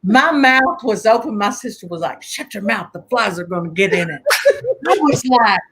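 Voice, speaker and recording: A woman telling family stories in a casual conversation, animated and laughing often as she acts out voices. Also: medium pitch, normal speed, noisy background. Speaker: guest conjure teacher.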